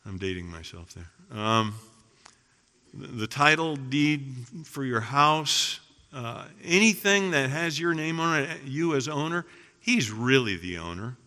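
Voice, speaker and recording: A middle-aged male pastor preaching with a sharp, very bright voice. He presses his points with rhetorical questions and swings from ringing emphasis to near-hushed passages. His sermon rings out with the long reverb of a large sanctuary. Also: mid-range voice, animated, slow pace.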